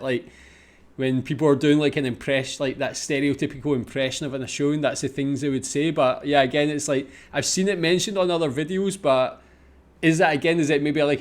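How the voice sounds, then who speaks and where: A British man hosting a reaction video, talking casually and hesitantly with many fillers and restarts. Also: mid-range voice.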